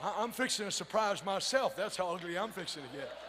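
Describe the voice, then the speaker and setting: A man preaching a fiery revival sermon, shouting and whooping in a folksy, rousing way. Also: high-pitched, animated, brisk, a faint crowd, a little hiss or hum. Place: church sanctuary.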